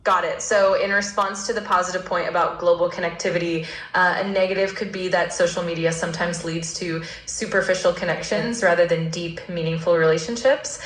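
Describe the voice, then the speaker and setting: A woman's voice: lowish voice, fairly even intonation, fairly quick, hardly any pauses, echoey room, slight background noise, rough recording. A synthetic woman's voice with an American accent, answering as a polite and agreeable AI assistant. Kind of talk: scripted discussion replies.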